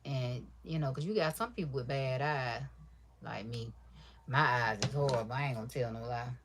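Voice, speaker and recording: A woman with a low, soft-spoken voice chats casually with her livestream viewers while she sews. She keeps her talk deliberately quiet and gentle, sprinkling in "y'all" and "baby". A faint hiss sits under the recording. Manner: talks low and soft on purpose. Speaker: livestream crafter.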